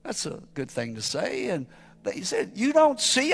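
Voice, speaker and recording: A man preaching as a missionary, telling a story emphatically, rising to shouts and falling to near whispers. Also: high-pitched, huge pitch swings, unhurried, gravelly, husky. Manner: emphatic, climbing to shouted exclamations, then dropping to a hush. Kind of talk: sermon storytelling.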